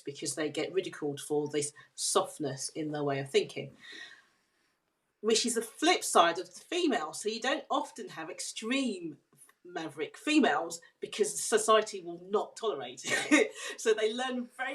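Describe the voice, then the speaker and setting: Woman, lowish voice, earnest and measured podcast guest. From United Kingdom. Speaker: guest, leadership consultant. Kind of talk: podcast interview.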